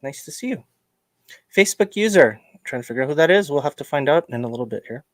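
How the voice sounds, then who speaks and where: A man's voice: on the high side, lively intonation, quick pace, dry recording. Chatty male podcast host, dry sound. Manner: chatty and joking, greets viewers, many fillers. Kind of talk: casual livestream podcast chat.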